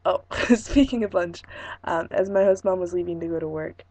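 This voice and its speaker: A young woman from California, hoarse from losing her voice, rambling through a casual vlog with lots of ums and restarts. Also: on the low side, normal speed, warm tone, no echo, rough recording. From Fresno, California. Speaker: vlogger.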